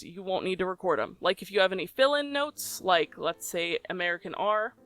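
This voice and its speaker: A bright, forward voice walks through a software tutorial in an easygoing, conversational way, dropping in ums as it goes. Soft music plays faintly underneath. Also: mid-range voice, dry recording. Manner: relaxed, chatty, with frequent ums. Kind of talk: casual tutorial explanation.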